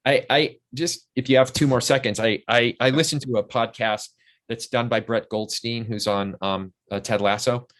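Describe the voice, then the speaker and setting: A man's voice: medium pitch, fairly even intonation, normal speed, a bit bright. An older man, a guest in a casual interview, telling long, enthusiastic anecdotes full of restarts.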